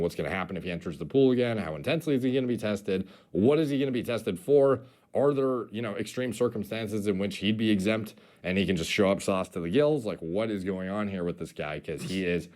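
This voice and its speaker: A man's voice: lowish voice, a little mellow. A man giving casual commentary in a video, rambling with lots of fillers and swearing. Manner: rambling, filler-heavy, profane.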